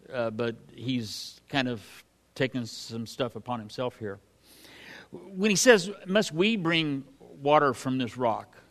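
Guy preaching casually, folksy and halting, lots of uh and restarts, average pitch. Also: fairly bright tone. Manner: reads scripture aloud then comments on it. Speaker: pastor. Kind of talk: conversational Bible teaching.

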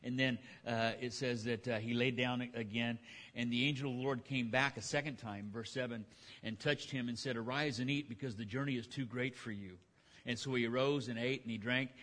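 A man preaching a sermon in a relaxed, conversational way, retelling scripture in everyday speech. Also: medium pitch, normal speed. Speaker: pastor.

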